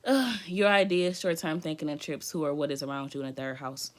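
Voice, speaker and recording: A woman doing a livestreamed tarot reading. She talks in a hyper, playful, slangy way, swears casually and thinks out loud as she reads the cards. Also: low-pitched, steady tone, a little fast. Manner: slangy, drifting, thinks aloud. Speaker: tarot reader.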